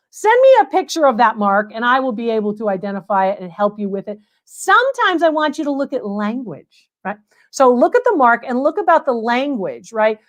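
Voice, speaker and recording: A woman hosting a live antiques Q&A, chatting to viewers in an emphatic way and repeating phrases for stress. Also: high voice. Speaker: antiques appraiser and livestream host. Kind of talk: live Q&A chat reading viewer comments.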